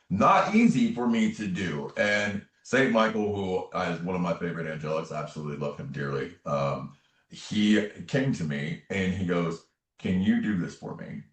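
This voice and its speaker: Interview guest: very low-voiced man, earnest storyteller, recorded in an echoey room away from the mic. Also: animated, normal speed. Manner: earnest, repetitive, emphatic phrasing. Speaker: guest, tarot reader and spiritual medium. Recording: roomy echo, distant from the mic.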